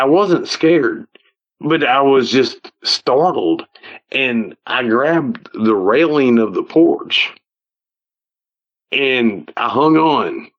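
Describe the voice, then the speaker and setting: A man with an Ozark Southern accent telling a personal story in a rambling, folksy way, repeating himself as he goes, heard over a phone call. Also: medium pitch. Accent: Ozark Southern American. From Ozark Mountains, United States. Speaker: guest telling a personal encounter. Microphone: phone call audio.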